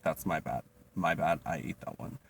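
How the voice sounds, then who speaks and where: A man in his thirties telling comic stories in a casual, profane, animated way, full of fillers. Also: very deep voice, normal speed, gravelly, slight background noise. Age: 30s. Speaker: storyteller.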